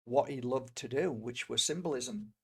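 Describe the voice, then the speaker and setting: A man's voice: medium pitch, moderate pace, gravelly, darkish tone, breathy edge. A middle-aged man from Britain, an energy healer, telling a personal story in a rambling way, with many fillers and restarts. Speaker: energy healer and tarot reader.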